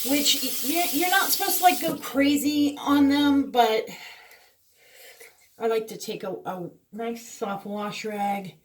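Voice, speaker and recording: A woman's voice: a little high, steady tone, takes it slowly, distant mic. A middle-aged woman, chatting casually through a skincare routine with lots of fillers. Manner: chatty, rambling, frequent fillers. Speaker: beauty vlogger. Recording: voice a bit away from the mic.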